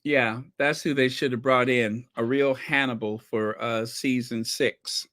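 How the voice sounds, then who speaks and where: A man hosting a casual commentary channel, animated and opinionated, reacting to viewer comments. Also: medium pitch, unhurried. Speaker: channel host.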